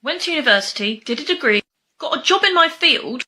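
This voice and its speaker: A woman speaks earnestly, with frustration, about working people being taken advantage of. Her voice is high and bright with a tense edge. She talks in a casual, direct way. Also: lively intonation, brisk. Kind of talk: casual opinion video.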